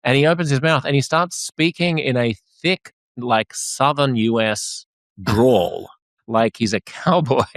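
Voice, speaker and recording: A man's voice: medium pitch, slow, no echo. A man hosting a podcast interview, chatty and jokey, often laughing as he talks. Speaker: podcast host. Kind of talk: casual interview chat.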